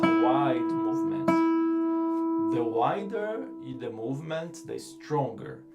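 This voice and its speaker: A man with a Brazilian accent, giving a relaxed guitar lesson and explaining technique with frequent fillers. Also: medium pitch. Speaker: guitar teacher. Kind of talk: instructional lesson.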